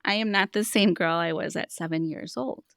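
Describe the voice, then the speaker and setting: A woman's voice: medium pitch, moderate pace, gravelly, clear, resonant tone, dry recording, studio quality. A woman in her thirties, a money coach, talking earnestly on a podcast and explaining with stories about her clients. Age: 30s. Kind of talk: podcast conversation, storytelling.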